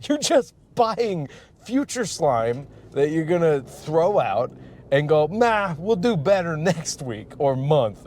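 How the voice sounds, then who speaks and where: A man from Michigan, a stand-up comic hosting his podcast, rambling casually and profanely with frequent laughs while driving. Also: darkish tone. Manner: profane, laughs often, restarts and trails off. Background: faint vehicle rumble.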